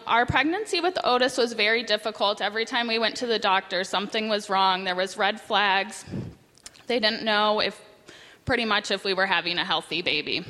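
A woman's voice: a little high, bright, forceful tone. Woman sharing a testimony in a church hall. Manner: casual, a little hesitant with fillers. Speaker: congregation member sharing a testimony. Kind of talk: personal testimony. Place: church sanctuary. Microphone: handheld mic. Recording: long reverb of a large hall.

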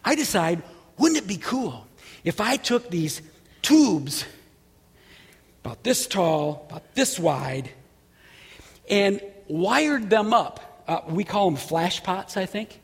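A man preaching a sermon, telling a story with lively energy and shouting at the big moments. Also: high voice, slow pace, long pauses, slightly rough, big-room sound. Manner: animated, shouts at story peaks. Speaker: pastor.

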